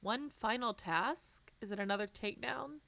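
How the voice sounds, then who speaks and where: A woman's voice: on the high side, normal speed, gravelly, noisy background. A woman streamer reading game dialogue aloud and reacting with emotional, choked-up exclamations. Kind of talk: casual let's-play chat and dialogue reading. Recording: music playing behind the voice.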